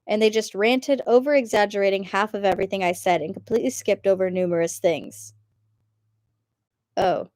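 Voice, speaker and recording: A woman's voice: mid-range voice, darkish tone, dry recording, clean studio sound. Giggly woman reading posts on stream. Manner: chatty, giggly, breaks off to comment. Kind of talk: casual live-stream reading.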